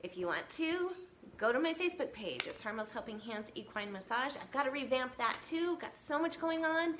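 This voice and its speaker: A woman in her thirties, an equine massage therapist who vlogs, chats casually to her camera at home in California. Her high-pitched, animated voice moves at a moderate pace, earnest and full of fillers and restarts, recorded on the camera mic against a noisy background.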